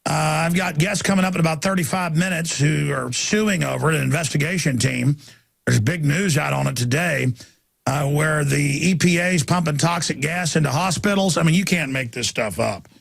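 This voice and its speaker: A man hosting a talk radio show, delivering an impassioned ranting monologue that swings from shouts down to low murmurs. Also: normal speed, gravelly.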